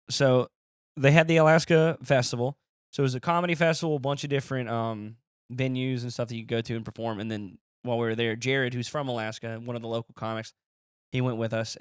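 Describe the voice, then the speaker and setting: A man from Appalachia tells rambling comic stories on a podcast, swearing freely and jumping into the voices of the people he quotes. His voice sits at an everyday middle pitch. It is recorded close and dry, with no room sound. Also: smooth, dry recording. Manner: animated, swearing, laughing, acts out quoted voices. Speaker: podcast host and stand-up comedian. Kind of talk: casual comedic storytelling.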